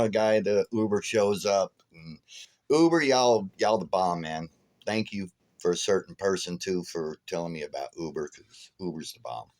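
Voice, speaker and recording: A man's voice: on the low side, darkish tone. A tired man vlogging, telling a rambling, chuckling story full of fillers. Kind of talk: casual storytelling.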